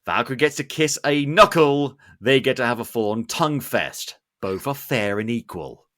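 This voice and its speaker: Male podcast host, casual film recap, animated and sarcastic, mid-range voice. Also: mid-range voice, normal speed. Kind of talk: casual film review chat.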